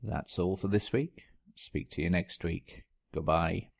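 A man's voice: low-pitched, unhurried, gravelly, husky. A man reading a short story aloud as a storyteller. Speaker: story reader.

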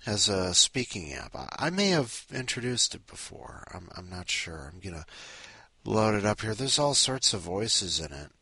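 A man's voice: on the low side, big pitch swings, moderate pace, bright, forceful tone, husky, dry recording. A man hosting a podcast in a rambling, sleepy way, full of restarts and asides. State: sleepy, up at five in the morning. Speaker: podcast host. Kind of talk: casual rambling chat.

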